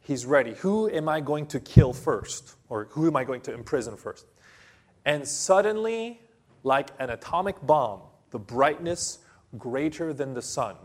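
A man preaching a sermon to a congregation, telling a story slowly and dramatically with sudden loud bursts. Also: on the high side, big pitch swings.

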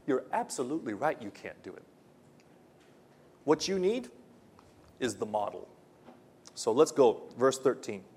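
A male pastor delivering a sermon in a mid-pitched, everyday voice. He pushes some lines out loud and emphatic, then drops others to a near hush, and doubles back on phrases to hammer them home. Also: very animated, unhurried, pauses often, slightly rough. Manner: swings between loud emphatic bursts and quiet, hushed lines; repeats phrases for emphasis, preacherly.

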